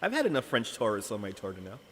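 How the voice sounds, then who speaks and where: A man's voice: fairly low pitch, huge pitch swings, fast, fairly bright tone. A man live streaming a game, chatting casually with viewers, giggling often and rambling through restarts. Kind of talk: casual gameplay chat. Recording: noisy background.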